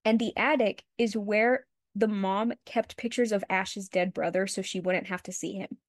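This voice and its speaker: A woman's voice: medium pitch, steady tone, moderate pace, dry recording, clean studio sound. A young woman co-hosting a podcast, retelling a story in casual chat, full of "like" fillers and the odd swear word. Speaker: podcast co-host.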